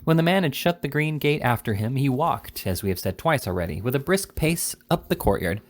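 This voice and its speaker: A man's voice: mid-range voice, expressive. Man reading a classic novel aloud. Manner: slightly halting, correcting slips. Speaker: reader.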